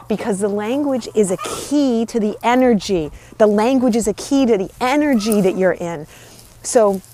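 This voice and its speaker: A woman's voice: medium pitch, a little mellow, a little hiss or hum. A woman life coach giving an earnest, emphatic motivational talk and repeating her key phrases. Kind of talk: motivational daily talk to camera.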